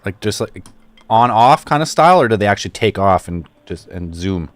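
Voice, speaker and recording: A man co-hosting a radio talk show in the studio, loose, jokey and excitable. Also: fairly low pitch, a little fast, no echo.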